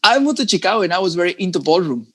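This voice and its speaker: A man's voice: high-pitched, sing-song, very fast, a bit bright, husky. A man from Mexico with a Mexican accent who speaks English as a second language. He chats casually as a guest and laughs often. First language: Spanish. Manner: laughs often, says "bro" a lot. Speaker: guest salsa dancer. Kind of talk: casual interview chat.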